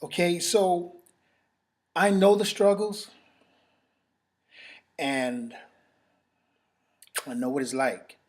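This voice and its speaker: Emotional man giving a halting sales pitch. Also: lively intonation. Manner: emotional, halting, with repeated phrases and sighs. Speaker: network marketing presenter. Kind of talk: personal testimonial and sales pitch.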